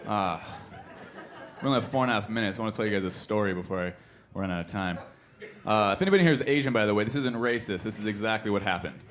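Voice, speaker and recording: A man's voice: on the low side, fast, crowd noise. A man performing a stand-up comedy set on a club stage, telling stories with punchy punchlines into a handheld mic. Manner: animated storytelling, punchy punchlines. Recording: live club audience laughter and room noise.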